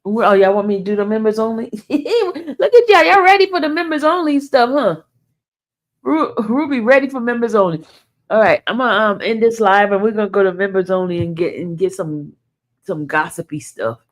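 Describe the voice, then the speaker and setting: A woman's voice: medium pitch, fairly quick. A woman hosting a casual live stream, chatting straight to her viewers and reading their comments aloud. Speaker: livestream host.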